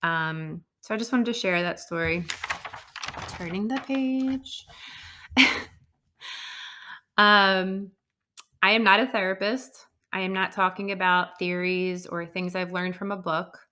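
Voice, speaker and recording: A woman hosting her own podcast, telling a personal story in an earnest, reflective way with frequent pauses. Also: fairly low pitch, fairly even intonation, pushed and bright. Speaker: podcast host.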